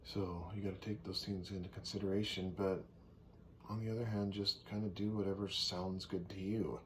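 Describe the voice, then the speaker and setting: A man casually teaching songwriting, thinking aloud and sometimes clearing his throat. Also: low-pitched, level tone, normal speed. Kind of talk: casual teaching with sung demonstrations. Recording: faint background noise.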